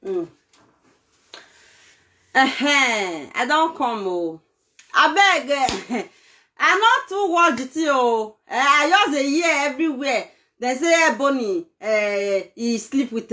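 A woman with a Nigerian accent, telling gossip in a casual vlog and excitedly pleading with her viewers for details. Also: a little high. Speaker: vlogger.

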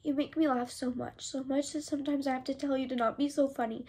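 A woman's voice: high-pitched, flat delivery, fast, warm tone, breathy edge. A young woman vlogger chatting casually and reading old letters aloud, rambling with lots of filler words. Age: young adult.

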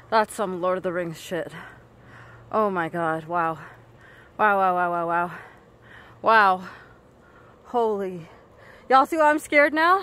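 A woman vlogging outdoors on a mountain trail into a handheld camera, tired and out of breath, often exclaiming in a nervous, breathy way. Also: medium pitch, fairly bright tone. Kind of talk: casual vlog narration while hiking.

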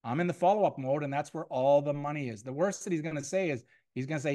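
A man's voice: fairly high pitch, fast talker. A man giving a motivational sales training to a room of people, repeating key points and acting out sample phone calls. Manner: energetic and repetitive, acts out sample phone calls. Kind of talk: motivational training talk to a live audience. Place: room with an audience.

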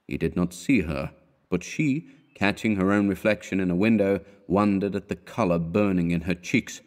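A man with a fairly low voice narrates a classic short story for an audiobook. His delivery is measured and deliberate, keeping a steady storytelling pace throughout.

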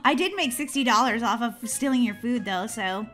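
A woman hosting a gaming channel, giving excitable let's-play commentary, giggling and shrieking when chased. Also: fairly high pitch, moderate pace, soft background music.

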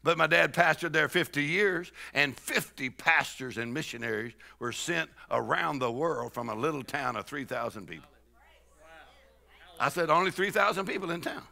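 A man's voice: a little high, lively intonation, normal speed, gravelly. A middle-aged man preaching a charismatic sermon, exhorting and repeating lines as he builds up. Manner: shouting, exhorting, repetitive call-and-response.

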